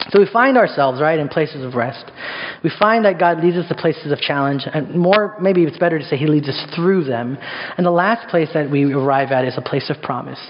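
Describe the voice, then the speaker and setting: A man's voice: a little high, moderate pace. A man preaching a sermon in a casual, conversational way, full of rhetorical questions. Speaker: pastor. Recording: echoey hall, dull sound.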